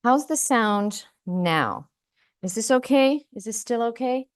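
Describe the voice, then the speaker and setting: A woman's voice: on the high side, expressive, slow pace, smooth. A woman hosting a casual livestream, talking brashly and playfully with plenty of swearing and chatting directly with her viewers on a close microphone. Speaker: livestream host.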